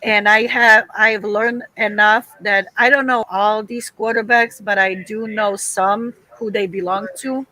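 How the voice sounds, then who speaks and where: A woman's voice: mid-range voice, fairly even intonation, measured pace, hardly any pauses, bright, forceful tone, dry recording, rough recording. A woman speaking plainly and earnestly as a guest on a casual livestream chat. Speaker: guest, mother of a host.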